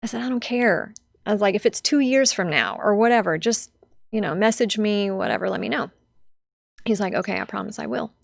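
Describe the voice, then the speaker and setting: A woman's voice: mid-range voice, brisk, vocal fry, no room sound, clean studio sound. A young adult woman telling a personal story as a podcast guest, heartfelt and chatty with lots of fillers.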